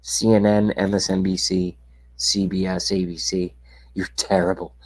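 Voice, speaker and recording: Talking to his chat on a casual live-streamed rant, this man is sarcastic and profane and sometimes drops into a whisper. His deep voice is a little mellow, flat in delivery and at normal speed, picked up by a webcam mic in a rough recording.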